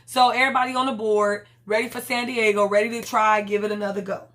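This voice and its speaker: A woman's voice: on the high side, quick pace, few pauses. Sassy woman recapping a TV episode. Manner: animated retelling, acting out characters' lines with sass; frequent fillers and slangy asides. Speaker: TV recap vlogger.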